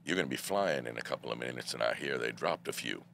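A man's voice: rumbling low, animated, quick pace, a bit bright, slight background noise, pitched below the performer's own voice, exaggerated voice. A man voicing a menacing male villain, sneering and threatening. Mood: taunting. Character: menacing male comic-book villain, taunting.

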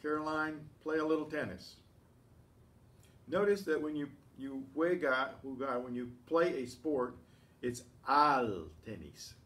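A man teaching a language lesson, reading Spanish example sentences, then explaining them in English and often clearing his throat. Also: fairly high pitch, measured pace, fairly bright tone, distant mic. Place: classroom or community center room.

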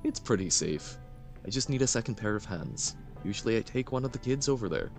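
A cheerful middle-aged junkman with a loose Scottish accent, as a man voices him with a low, bouncy voice. He rolls his words like an old sailor. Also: lively intonation, brisk, creaky, darkish tone, faint music behind. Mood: jolly. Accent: half-hearted Scottish. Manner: jolly, rolling nautical delivery.

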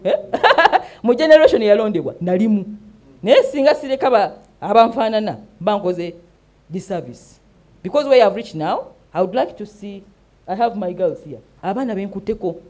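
A middle-aged woman with a Ugandan accent hosts a talk show as host and mentor, delivering an animated monologue. Her medium-pitched, darkish voice is expressive and moves at normal speed. She speaks emphatically, switches between English and Luganda, and often asks "eh?"

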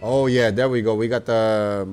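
Excitable male gamer yelping at a game. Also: on the low side, normal speed, a little hiss or hum. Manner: excitable, bursts into loud yelps and exclamations; slangy, playful banter at the game. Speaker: gaming YouTuber. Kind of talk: live gameplay commentary.

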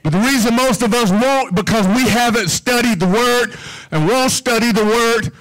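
High-voiced preacher man, rhythmic sermon. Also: normal speed, fairly bright tone, rough recording. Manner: rhythmic, call-and-response preaching.

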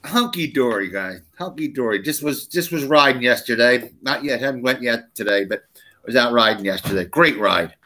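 A male podcast co-host speaks at medium pitch and normal speed, his voice pushed and bright. On the casual show he tells rambling stories and acts out what other people said.

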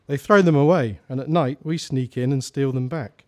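A brisk woman charity worker talks reassuringly to a man in need, as a male reader speaks her lines. The voice stays at the reader's own middle pitch, with no disguise. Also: a little mellow, close to an everyday voice.

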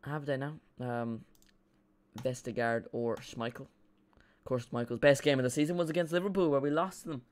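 A young man with an Irish accent, talking casually over a live football match. He rambles from one thought to the next and gets excitable when the play catches his eye. His pitch sits in an ordinary middle range. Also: moderate pace. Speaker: streamer. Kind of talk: live football watch-along chat.

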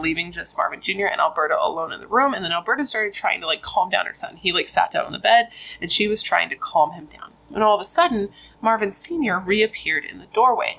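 A woman's voice: mid-range voice, vocal fry, a bit bright, low-quality recording. A young woman casually retelling a true crime story, chatty and full of filler words.

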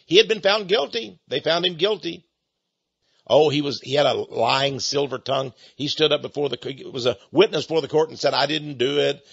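A man preaching a sermon in a folksy, animated storytelling manner, often chuckling. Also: a little high, slightly rough, no echo. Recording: dull dry lo-fi recording.

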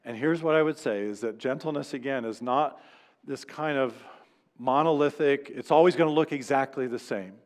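A man's voice: medium pitch, moderate pace, in a large hall. A man preaching a sermon as pastor in a church, speaking conversationally and acting out quoted lines. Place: church sanctuary.

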